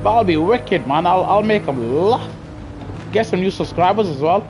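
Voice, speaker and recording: A man's voice: sits high, expressive, normal speed, background noise. A man with a British accent chatting casually to his live chat while racing, rambling and chuckling as he talks into a gaming headset. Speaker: live-streaming sim racer. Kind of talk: casual live-stream chat over gameplay.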